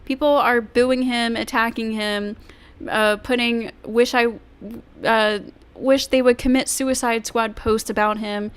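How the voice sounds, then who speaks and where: A woman's voice: on the high side, fairly even intonation, a little slow, clean tone. A woman streamer reacting to clips, ranting bluntly and swearing freely. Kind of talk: casual livestream commentary.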